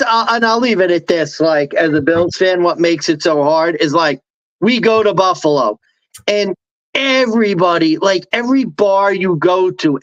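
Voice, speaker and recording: A man's voice: high-pitched, no room sound, highs cut off. A man co-hosting a casual sports podcast, mostly chiming in with short words of agreement. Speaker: podcast co-host.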